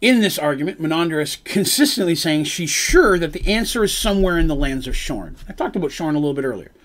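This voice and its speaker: A man's voice: on the high side, sing-song, quick pace, a bit bright. A man streaming as game master, rambling through a recap of his tabletop story and quoting the characters' lines. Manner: rambling, retells scenes with quoted lines.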